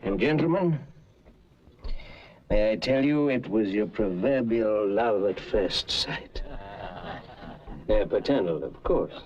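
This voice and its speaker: A pompous rich gentleman. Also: lowish voice, expressive, slow, long pauses. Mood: proud, formal. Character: pompous rich English gentleman addressing a board. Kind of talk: 1960s film comedy acting. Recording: dull film soundtrack with faint music.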